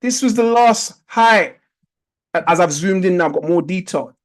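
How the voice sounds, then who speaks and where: High-voiced man coaching traders. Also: animated, measured pace, low-quality recording. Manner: coaxing, repetitive coaching with rhetorical questions. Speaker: trading instructor. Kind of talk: live online trading lesson over a chart. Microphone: video call.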